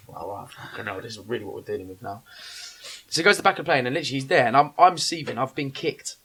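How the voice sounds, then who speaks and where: A young man rattles through an anecdote at a fast clip. He swears freely and acts out the other people's lines with plenty of energy. It is casual podcast storytelling at a middle pitch. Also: animated, fairly bright tone, slightly rough. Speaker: podcast guest telling a story.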